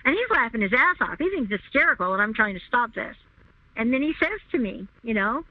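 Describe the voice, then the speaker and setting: Female guest on a phone line, medium pitch, emphatic storyteller who repeats herself, dry and tinny. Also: animated, a little fast, no echo. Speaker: interview guest. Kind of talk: recounting a personal story.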